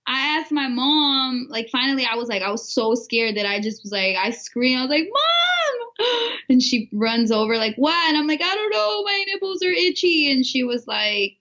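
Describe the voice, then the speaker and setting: A woman's voice: high voice, animated, normal speed, few pauses, bright, forceful tone, muffled recording. A woman co-hosting a podcast in casual chat, bashful and giggly as she tells a story. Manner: giggly and bashful, laughing while telling a story. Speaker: podcast co-host.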